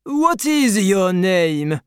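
A reader voicing a proud, pitiless aristocratic man of about sixty who talks in a slow, contemptuous drawl. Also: mid-range voice, very animated, smooth, no room sound, studio quality, voice pushed up. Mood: haughty. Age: 60s.

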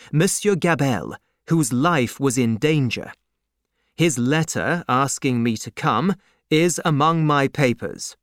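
A man voicing a composed young nobleman in a storybook reading, speaking in a measured, earnest manner close to the narrator's own voice. The pitch moves expressively, the pace is slow, and the recording is dry. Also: dry recording.

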